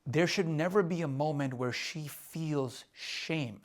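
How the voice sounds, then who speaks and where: Sketching on a board, a man coaches husbands with frank, confessional advice in a casual talk. His voice sits a little high and his pace is slow. As a relationship coach, he often tacks on "right?" and says things more than once.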